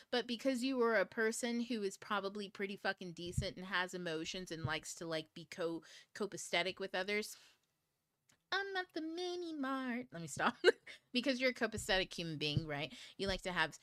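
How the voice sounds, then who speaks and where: A woman's voice: on the low side, fairly bright tone, no room sound. A woman hosting a book club stream, chatting casually in a blunt, profane way and laughing often. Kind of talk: casual livestream talk.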